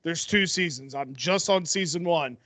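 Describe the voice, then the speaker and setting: A young man with a high, bright, ringing voice chats on a podcast. He rambles eagerly and keeps restarting his sentences. The sound is dry and close. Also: moderate pace, no room sound. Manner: excited, rambling storytelling with restarts. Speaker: podcast co-host. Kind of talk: casual chat.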